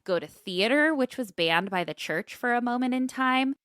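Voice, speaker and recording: A woman's voice: fairly high pitch, expressive, moderate pace, fairly bright tone, clean tone, no echo, studio quality. A woman co-hosting a casual comedy podcast, telling a history story in a bubbly way and laughing often. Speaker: podcast co-host.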